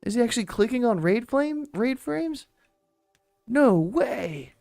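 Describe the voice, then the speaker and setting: A man's voice: very high voice, measured pace, gravelly, faint music behind, voice pushed up, full character voice. A man putting on the voice of a hyped male esports caster giving breathless play-by-play of a raid. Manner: breathless play-by-play, rising excitement.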